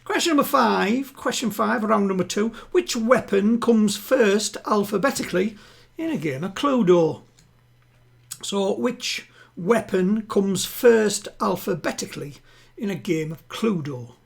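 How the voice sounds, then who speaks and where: A man hosting a live-streamed home quiz, chatting with players and reading each question twice, slowly. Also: high voice, lively intonation, vocal fry, slightly rough. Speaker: quiz host. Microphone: home streaming setup.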